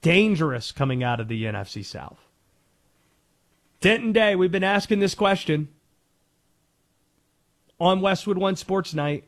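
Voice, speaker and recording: A man's voice: high voice, animated, measured pace, pauses often. Punchy sports radio host, man. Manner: emphatic, punchy delivery.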